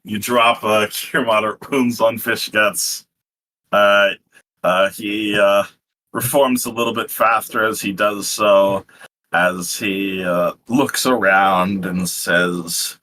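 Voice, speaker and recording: Bright-voiced man running a tabletop game. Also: fairly low pitch, fairly even intonation, takes it slowly. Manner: rambling, restarts mid-sentence. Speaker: game master. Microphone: headset or desk mic on a live stream.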